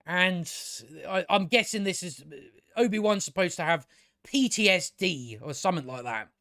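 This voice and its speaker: This man reviews a show with casual commentary over clips, rambling, swearing, and mocking along the way. His voice is high-pitched and sharp-toned, with lively intonation and a moderate pace.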